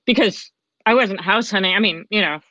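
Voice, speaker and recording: A woman's voice: medium pitch, normal speed, pushed and bright, no echo, lo-fi sound. A woman guest on a podcast who tells a personal story in a candid, chatty way and acts out the dialogue she quotes. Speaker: podcast guest, author and coach.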